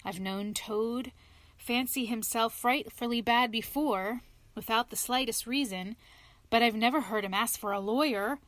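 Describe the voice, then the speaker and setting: A woman doing a hearty, brisk male water rat. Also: fairly high pitch, fairly bright tone, no room sound. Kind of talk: storybook reading.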